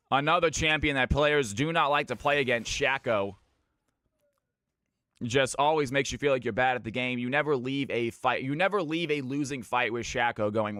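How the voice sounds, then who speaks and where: A man's voice: on the high side, pushed and bright, smooth, dry recording, studio quality. A man from California hosting a live game stream, commentating picks and greeting viewers by name in an upbeat way. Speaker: streamer casting viewer games.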